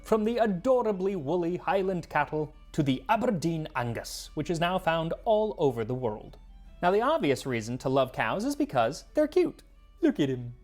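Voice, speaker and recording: Cooking history host, male, scripted and playful, with a lively up-and-down delivery and faint music behind. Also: on the high side, normal speed. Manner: playful, jokey asides.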